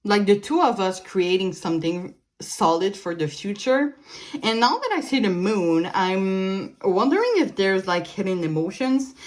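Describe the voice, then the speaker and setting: Woman, young adult, tarot reader, rambling delivery, fillers and restarts, mid-pitched voice. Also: animated, measured pace. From Canada. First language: French. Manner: meandering, many fillers and restarts, light laughs. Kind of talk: casual pick-a-card tarot reading.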